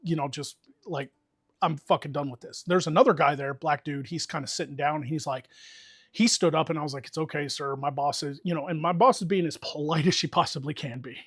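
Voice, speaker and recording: Animated man telling a story, dry close mic. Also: on the high side, brisk, slightly rough, no echo. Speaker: streamer chatting with friends. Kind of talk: casual storytelling chat.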